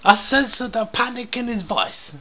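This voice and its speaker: A man's voice: very high voice, expressive, a little slow, heavy background noise. A man hosting a casual comedy podcast, setting up sketches and teasing his co-hosts. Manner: directing, teasing. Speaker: podcast host.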